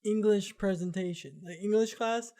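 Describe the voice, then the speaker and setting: A man's voice: high voice, fairly even intonation, moderate pace, warm tone. A man who is a guest filmmaker in a casual chat, hesitant and often trailing off. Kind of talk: casual joking chat among friends.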